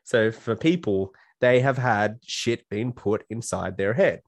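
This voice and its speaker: A man's voice: lowish voice, expressive, unhurried, no room sound. A man speaking as a guest life coach in a casual podcast conversation, blunt and swearing freely, acting out his own self-talk in quotes.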